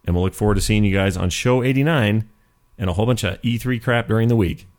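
A man's voice: fairly low pitch, fast talker, heavy background noise. A young man hosting a podcast in casual chat, joking and goofy. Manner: joking, goofy, self-mocking. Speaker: podcast host.

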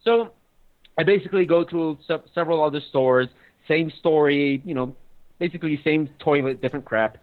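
A man in casual chat, telling an animated story and acting out both sides of the conversation. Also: on the high side, moderate pace. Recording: tinny phone-like line.

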